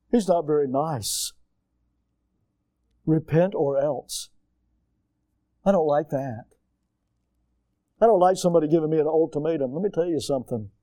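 An older man delivers a sermon in a fairly high yet mellow voice, recorded dry and close. He preaches animatedly, slipping into quoted voices and sudden loud bursts. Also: dry recording.

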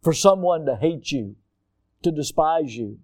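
A middle-aged male pastor preaching in an animated storytelling style, full of rhetorical questions. His voice sits somewhat high. The sound is dry and close, with no room echo. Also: a little slow. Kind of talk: sermon.

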